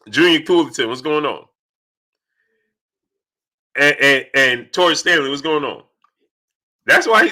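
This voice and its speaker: A man hosting a casual live stream, greeting chat viewers by name one after another in an animated, rapid-fire way. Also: on the high side.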